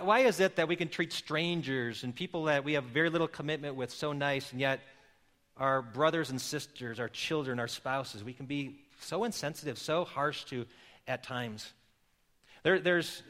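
A man's voice: fairly high pitch, bright, forceful tone, long reverb tail. A middle-aged man preaching a sermon as a pastor, telling stories in a conversational, playful way and putting questions to the congregation. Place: church service.

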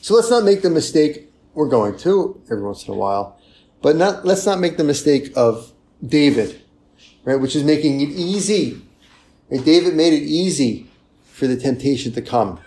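A man preaching a sermon in a conversational way, often checking in with "right?" and acting out confessions in a softer voice. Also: fairly high pitch, expressive, normal speed.

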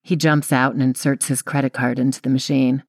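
A woman's voice: very deep voice, flat delivery, fairly quick, no room sound. Young woman narrator, wry first-person audiobook read, dry close studio sound.

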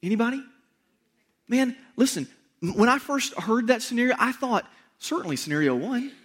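A pastor delivering a sermon in a conversational way, speaking straight to the congregation with rhetorical questions and emphatic repetition. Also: male voice, very high voice, normal speed, fairly bright tone, husky.

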